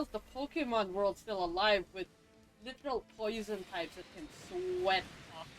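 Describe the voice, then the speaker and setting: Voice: medium pitch, normal speed, fairly bright tone, low-quality recording. A co-host of a gaming stream, joking and exclaiming in casual chat. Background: faint game music.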